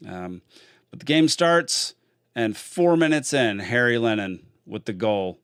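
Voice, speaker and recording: Smooth-voiced podcast host. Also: male voice, mid-range voice, a little slow, a bit bright, dry recording, studio quality. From Texas. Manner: chatty and rambling, with many fillers and restarts. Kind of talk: casual solo podcast recap.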